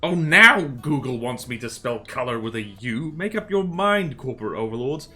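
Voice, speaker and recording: A man's voice: mid-range voice, sing-song, moderate pace, bright, forceful tone. A man from the American South giving rambling, casual live-stream commentary on a game, full of fillers and restarts. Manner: rambling, many fillers and self-corrections.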